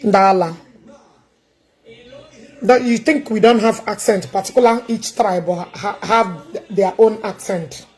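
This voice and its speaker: A woman's voice: mid-range voice, takes it slowly, long pauses, darkish tone, husky. A Nigerian woman with a Nigerian accent hosting a livestream, talking bluntly and scolding a caller over a phone mic. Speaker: livestream host. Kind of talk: casual livestream chat.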